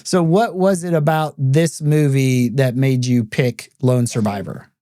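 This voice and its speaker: Male podcast host, mid pitch, casual and chatty, dry close-miked sound. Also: a little slow, no room sound. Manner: relaxed, laughs easily, many fillers.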